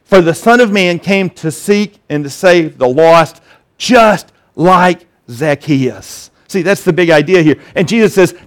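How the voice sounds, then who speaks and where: A man preaching a sermon, animated and conversational, acting out the voices in the story and often restarting his sentences. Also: sits high, normal speed. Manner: animated, acts out scripture voices, many restarts. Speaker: pastor.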